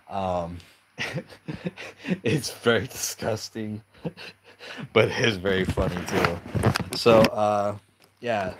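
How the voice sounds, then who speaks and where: A man's voice: lowish voice, a little hiss or hum. A young man giving casual, crude commentary on characters, laughing often and acting out quotes. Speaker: video commentator.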